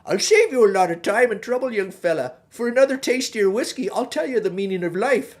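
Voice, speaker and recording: A woman's voice: medium pitch, expressive, brisk, pitched below the performer's own voice, close to an everyday voice. A woman voicing a blunt, mocking old male bridge troll. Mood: gruff.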